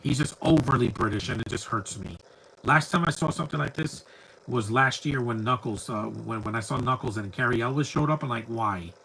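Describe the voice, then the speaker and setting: A man's voice: mid-range voice, a little fast, gravelly, sharp tone, a little hiss or hum, low-quality recording. A man giving live, rambling commentary over a movie, talking back at the screen bluntly and often stumbling over repeated words. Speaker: film commentator.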